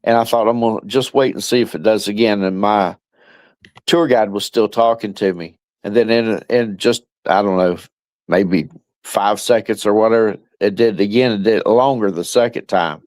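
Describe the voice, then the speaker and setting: A man's voice: fairly low pitch, normal speed, darkish tone, dry recording. Older man telling rambling stories, dry sound. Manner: rambling storyteller, chuckles often. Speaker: guest. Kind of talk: casual chat.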